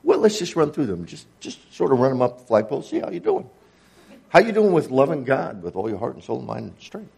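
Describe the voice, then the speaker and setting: A husky man voicing a calm, probing teacher. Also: mid-range voice, fairly quick, exaggerated voice. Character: calm male teacher, probing questions gently.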